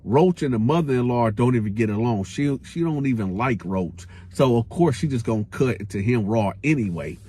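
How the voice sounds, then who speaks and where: A man's voice: mid-range voice, lively intonation, moderate pace, few pauses, warm tone, slight background noise. A man telling a casual storytime tale in slangy speech, acting out the quotes and making sound effects with his voice.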